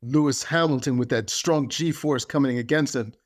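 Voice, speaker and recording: A man talks through a motivational podcast monologue at a middling pitch, neither high nor low. He speaks emphatically and keeps hammering his points home by repeating phrases. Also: normal speed.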